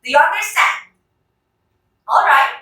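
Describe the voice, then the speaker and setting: A woman's voice: high-pitched, lively intonation, unhurried, bright, forceful tone, slight background noise. A woman with a Filipino English accent teaching a class, calling on students by name and checking that they understand. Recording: very echoey classroom from far off.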